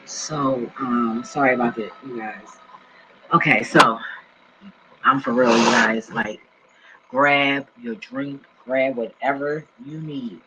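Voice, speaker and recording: A man's voice: mid-range voice, fairly even intonation, takes it slowly, background noise. A man in his forties talking to his viewers in a slangy, rambling vlog style, often getting sidetracked at home. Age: 40s. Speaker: vlogger. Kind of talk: casual vlog talk. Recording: dull lo-fi recording.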